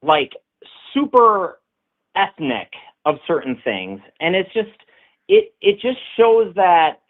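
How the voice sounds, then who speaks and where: A man's voice: high voice, very animated, takes it slowly, narrow, tinny audio. A man from Minnesota arguing dismissively with a host, repeating his questions over and over. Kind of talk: argumentative debate.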